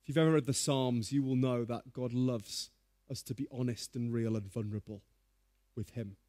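A man preaching a sermon, telling stories in a lively, humorous way. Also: mid-range voice, moderate pace.

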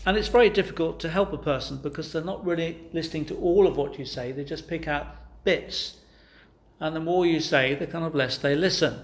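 A man delivers a sermon in a slightly higher-than-average voice. He questions his listeners rhetorically and presses each point with firm emphasis. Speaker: preacher.

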